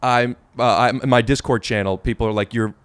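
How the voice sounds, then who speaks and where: A man hosts a casual podcast and keeps restarting his sentences as he talks. His voice is smooth and resonant, at an ordinary pitch, and the recording is dry and close to the mic. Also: fairly even intonation, a bit bright, no room sound. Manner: halting, restarts often. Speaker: podcast host. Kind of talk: casual chat.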